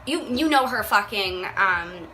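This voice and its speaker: A woman's voice: mid-range voice, lively intonation, measured pace, sharp tone, a little hiss or hum, low-quality recording. A young woman vlogger reading a book aloud and reacting with profane, exasperated commentary. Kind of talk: casual rant, reading aloud.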